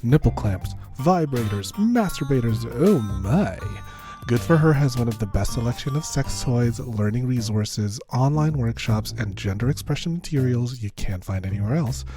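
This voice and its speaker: A man's voice: medium pitch, lively intonation, moderate pace, warm tone, soft background music. Campy, raunchy young male podcast host.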